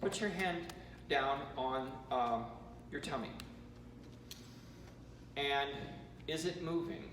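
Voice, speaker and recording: An American man leading a choir rehearsal warm-up, giving chatty instructions with joking asides. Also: medium pitch, slow pace, pauses often. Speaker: choir vocal coach. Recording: roomy hall, from far off, noisy.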